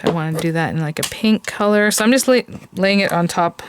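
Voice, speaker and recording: A woman's voice: lowish voice, a little fast, clear, resonant tone. Chatty woman narrating a craft tutorial. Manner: chatty, thinking aloud while working. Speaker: crafting host.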